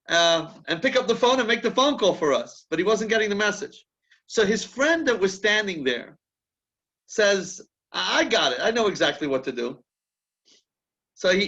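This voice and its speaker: Higher-voiced man teaching, dull recording. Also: bright, forceful tone. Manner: chatty, restarts sentences while thinking aloud. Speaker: rabbi teaching a class. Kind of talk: conversational teaching with anecdotes.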